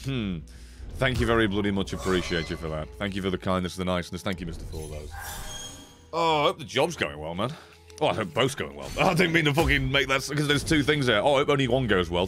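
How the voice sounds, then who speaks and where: A man gives sweary, casual commentary while streaming a card game and chatting to viewers. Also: on the low side. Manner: sweary, animated, talks to chat. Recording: faint music behind.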